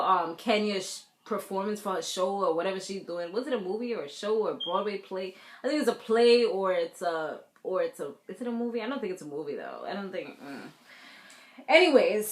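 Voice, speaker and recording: An American woman from a Caribbean family, doing a casual reality TV recap in a sassy, animated way, talking straight to her viewers. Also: medium pitch, echoey room. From Caribbean family, raised in the US. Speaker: TV recap vlogger.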